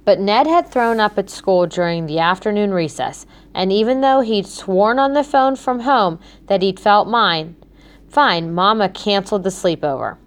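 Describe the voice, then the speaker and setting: A woman reads a children's chapter book aloud in a clear, measured storytelling voice. Her pitch is middling and her delivery steady. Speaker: audiobook narrator.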